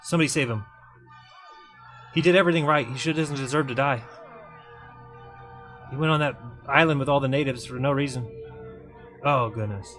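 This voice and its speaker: A man's voice: medium pitch, normal speed, long pauses, fairly bright tone, soft background music. A man hosting a livestream, giving sarcastic, mocking commentary over a video clip and reading comments aloud. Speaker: livestream host.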